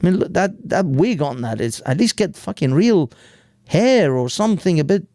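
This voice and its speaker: A man's voice: fairly high pitch, very animated, normal speed, darkish tone, no echo, clean studio sound. A British man hosting a live stream, giving crude, rambling commentary full of swearing and stumbles over words. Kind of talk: crude casual commentary while reading an article aloud.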